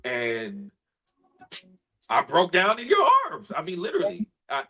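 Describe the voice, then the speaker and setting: A man, a spoken word artist, telling an emotional personal story in an earnest, heartfelt way, sometimes soft-spoken. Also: high voice, big pitch swings, a little slow, faint music behind, rough recording.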